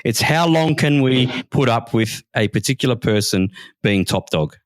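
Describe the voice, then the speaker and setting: A man's voice: mid-range voice, lively intonation, moderate pace, no echo, studio quality. An Australian man co-hosting a podcast, rambling and repeating himself in casual chat. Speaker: podcast co-host.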